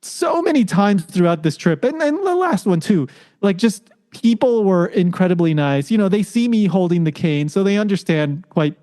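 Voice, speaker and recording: High-voiced man telling a lively story. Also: normal speed. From United States. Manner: animated, acts out quoted voices with rising pitch. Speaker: podcast guest. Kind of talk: casual storytelling.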